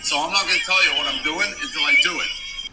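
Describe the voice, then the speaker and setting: Brash, profane man with a Boston accent, slightly high voice, music clearly audible behind. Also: wildly swooping pitch, fast talker, pushed and bright, low-quality recording. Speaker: media personality in a played clip. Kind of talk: brash video rant.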